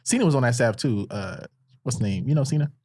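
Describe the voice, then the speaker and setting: A man in his thirties, a guest comedian telling a story in casual chat, animated and laughing often. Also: medium pitch, fast talker. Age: 30s.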